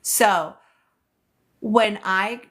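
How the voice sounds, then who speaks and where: A woman's voice: mid-range voice, very slow, fairly bright tone. A woman working as a psychic reader, hosting a casual live stream where she answers viewers' questions in a chatty way, with many "um"s and "like"s.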